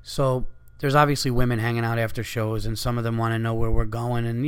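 A man's voice: medium pitch, level tone, brisk, clean tone. A man hosting a podcast, telling a story in a casual, rambling way with lots of swearing, fillers and asides. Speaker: podcast host.

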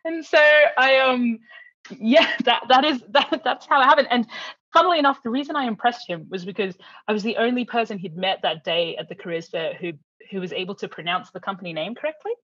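A woman guest telling a long story in casual chat, animated, laughing often and acting out the people she quotes. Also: fairly high pitch, fairly quick, slightly rough, no room sound, lo-fi sound.

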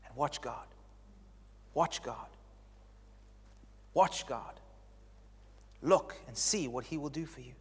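A man preaching a sermon as pastor, stressing key phrases by repeating them and swinging between loud declarations and hushed lines. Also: medium pitch, a little slow, pauses often, in a large hall.

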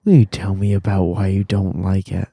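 A joking young man co-hosting a podcast. His voice is mellow and mid-pitched, recorded close and dry, and he keeps up a goofy, teasing banter. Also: level tone, moderate pace, creaky, slightly rough, no echo. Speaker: podcast co-host. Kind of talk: casual chat.

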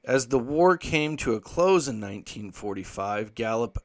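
A man's voice: mid-range voice, normal speed. A man hosting a podcast, telling a rambling, profane story in casual monologue and reading articles aloud with his own asides. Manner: profane, rambling, animated when quoting himself. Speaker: podcast host.

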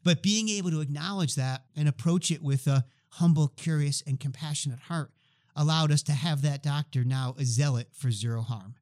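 A man's voice: fairly high pitch, normal speed. A man in his fifties, a guest expert, telling stories in conversation and acting out the dialogue. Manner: animated, acts out dialogue in stories. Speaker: guest expert on healthcare change. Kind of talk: conversational storytelling.

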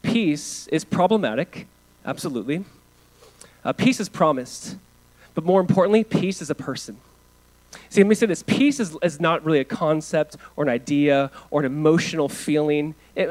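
A pastor delivering a sermon, moving from hushed, earnest lines to loud emphatic ones, with casual asides and fillers. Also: male voice, a little high, animated, normal speed, low-quality recording.

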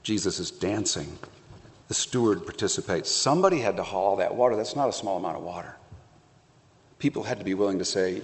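A pastor preaching a conversational sermon, telling the story playfully with acted asides. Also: male voice, low voice, expressive, fairly quick, in a large hall.

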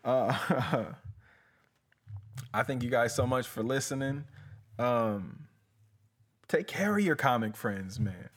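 A man's voice: medium pitch, expressive, slow pace, pauses often, husky. Profane ranting male comedian host. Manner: profane, heated, says "bruh" a lot. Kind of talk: casual comedic rant.

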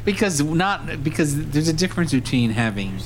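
A man's voice: a little high, sing-song, normal speed. Dry reasonable guy chiming in from the car, faint hiss in the background. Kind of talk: casual chat.

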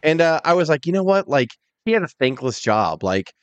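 A man's voice: on the high side, a little fast, no echo, lo-fi sound. A man co-hosting a wrestling podcast, telling stories casually with lots of swearing and acted-out quotes. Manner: animated storyteller, swears, mimics people in quotes. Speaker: podcast co-host. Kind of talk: casual chat.

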